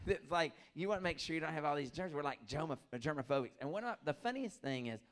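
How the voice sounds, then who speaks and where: A man's voice: on the high side, quick pace, few pauses. A middle-aged man performing a stand-up comedy set, telling stories, acting out voices and laughing often. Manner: animated storytelling, acts out voices, laughs often.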